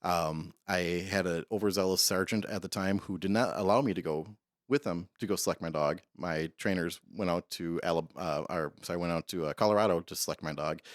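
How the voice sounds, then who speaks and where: A man's voice: sits low, no room sound, clean studio sound. A man, a police dog trainer and guest, telling rambling stories in a casual interview. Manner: rambling, self-interrupting storyteller.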